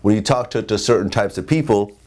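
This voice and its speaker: Low voiced guy interviewing, chatty, kinda stumbles on his words. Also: a little fast, darkish tone. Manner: conversational, repeats words as he gathers his thought. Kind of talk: casual interview conversation.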